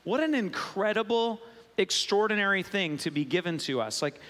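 A pastor gives a sermon in a chatty, playful manner, tossing asides to his congregation. His man's voice sits a little high, and his words ring out through the long reverb of a church sanctuary. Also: expressive, moderate pace, a bit bright. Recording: long reverb of a large hall.

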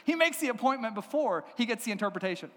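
A man, a pastor, preaching a sermon with lively, humorous storytelling in a church. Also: very high-pitched, quick pace. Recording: long hall reverb.

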